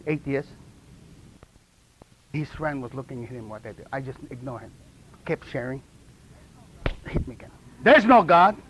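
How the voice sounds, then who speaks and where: A man telling his testimony in a sermon, in animated storytelling style with non-native English grammar and frequent laughter at his own stories. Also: medium pitch, a little fast, long pauses, background noise. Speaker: preacher.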